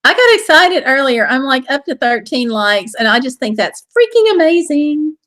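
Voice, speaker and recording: A woman's voice: high-pitched, big pitch swings, moderate pace, fairly bright tone. A woman hosting a casual live stream, chatting in a bubbly way and reading viewer comments aloud. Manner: bubbly and chatty, with exclamations and laughter.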